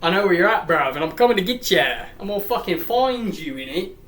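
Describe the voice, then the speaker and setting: A man putting on a mocking, loud British-slang voice for a young man. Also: high voice, animated, brisk, reverberant. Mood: taunting.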